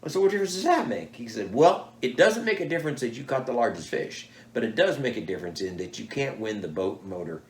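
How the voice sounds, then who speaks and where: Older male storyteller, animated, acts out his quotes, roomy echoey recording. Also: medium pitch, fast, hardly any pauses. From United States. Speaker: father telling stories. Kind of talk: casual storytelling. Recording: echoey room.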